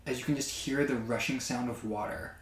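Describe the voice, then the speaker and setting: A man's voice: mid-range voice, fairly even intonation, brisk. A man narrating a tabletop game as game master, with many fillers and a hesitant, casual delivery. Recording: echoey room.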